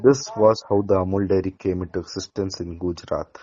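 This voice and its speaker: A man, a student reading a lesson aloud haltingly, with small slips and restarts. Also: sits low, steady tone, warm tone, dull audio.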